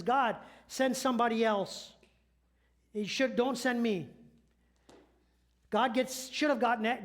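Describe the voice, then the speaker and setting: A middle-aged man, a church elder, preaching a sermon in an earnest storytelling manner and sometimes correcting himself mid-sentence. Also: sits high.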